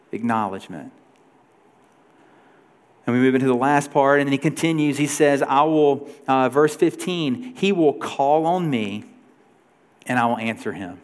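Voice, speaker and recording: A man in his forties preaches from the pulpit as pastor, his voice sitting in an ordinary middle register. He talks in a relaxed, storytelling way, pushing ahead and then easing back. His words trail off into the long reverb of a large church sanctuary. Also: medium pitch, normal speed. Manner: conversational storytelling, shifts pace and loudness. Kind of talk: sermon.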